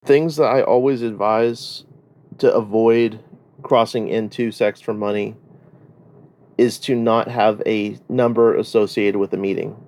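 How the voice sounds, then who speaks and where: Man, interviewee, lowish voice, measured, advising. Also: steady tone, a little mellow. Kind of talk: recorded interview answer.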